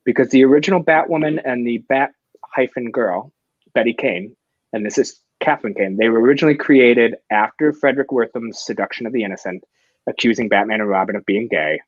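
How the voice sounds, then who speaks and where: A man's voice: mid-range voice, brisk, no echo. A man hosting a comics chat, eager and rambling as he circles back over his own phrases. His voice sits mid-range and comes through dry with no room sound, on a dull, lo-fi recording. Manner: enthusiastic, rambling with restarts. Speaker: comics show host. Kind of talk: casual chat.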